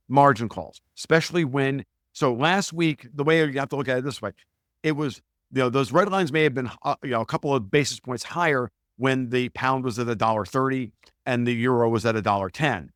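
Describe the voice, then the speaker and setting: A man talking as a guest analyst in a podcast interview, emphatic and profane, piling up quick digressions and restarts. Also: medium pitch, fairly bright tone, dry recording, clean studio sound.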